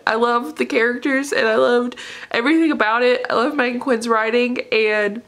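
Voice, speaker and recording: A woman's voice: on the high side, fairly even intonation, normal speed, fairly bright tone. A young woman vlogging casually at home about books she read, talking in an emotional, gushing way and laughing often. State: tearful. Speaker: book vlogger. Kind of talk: casual vlog chat. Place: dark living room at home.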